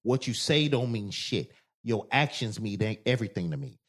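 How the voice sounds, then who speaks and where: A man co-hosting a podcast in casual chat, telling animated stories and loudly acting out quoted lines. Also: lowish voice, moderate pace. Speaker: podcast co-host.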